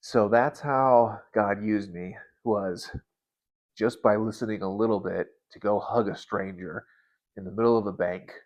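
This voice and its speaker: A man in his thirties sharing a personal faith story in an earnest, halting way, often restarting his words. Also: fairly low pitch, fairly even intonation, lo-fi sound. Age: 30s. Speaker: Christian vlogger.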